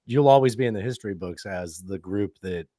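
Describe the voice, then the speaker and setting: A man's voice: fairly low pitch, a little fast, dark tone, no echo, studio quality. A man hosting a podcast, chatting casually, mostly giving short agreements and asking curious questions. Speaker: podcast host. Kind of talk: casual chat.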